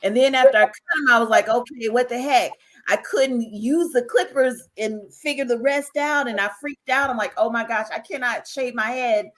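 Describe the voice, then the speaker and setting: A woman, a podcast guest telling a personal story in an animated way, often repeating herself and speaking straight to listeners. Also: fairly high pitch, normal speed, low-quality recording. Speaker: guest, author. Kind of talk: casual interview storytelling.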